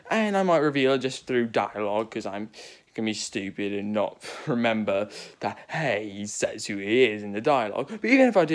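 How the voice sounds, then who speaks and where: Chatty man in a put-on British accent. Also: mid-range voice. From not Britain. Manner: chatty, rambling, self-deprecating. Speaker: video host. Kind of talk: casual vlog intro.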